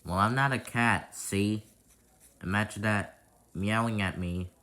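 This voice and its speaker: A man's voice: on the low side, a little slow, sharp tone. A man voicing a friendly male cartoon bird who patiently explains himself.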